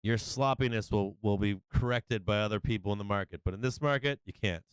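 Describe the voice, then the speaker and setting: A man giving casual live trading commentary, excitable and profane, often repeating himself. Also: fairly low pitch, a little fast, smooth, no echo, rough recording. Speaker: livestream market commentator.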